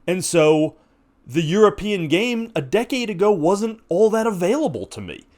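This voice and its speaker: A man's voice: high-pitched, very animated, moderate pace, darkish tone. An American man in his forties, hosting a podcast and making an impassioned, rhetorical argument with frequent restarts. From United States. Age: 40s. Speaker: podcast host. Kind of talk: opinionated monologue.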